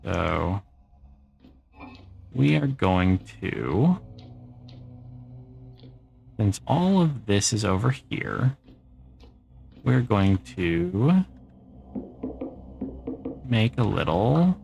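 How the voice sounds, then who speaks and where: A man's voice: on the low side, big pitch swings, drawn-out words, vocal fry, long pauses, darkish tone, slight background noise. A middle-aged man streaming a game, chatting casually and answering viewer comments as he plays. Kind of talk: casual gameplay chat.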